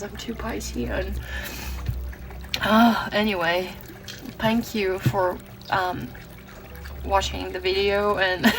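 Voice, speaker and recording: A woman's voice: mid-range voice, fairly even intonation, a little slow, soft background music, poor audio. A woman from Brazil giving a tarot reading, earnest and emotional, often restarting her words. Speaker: tarot reader.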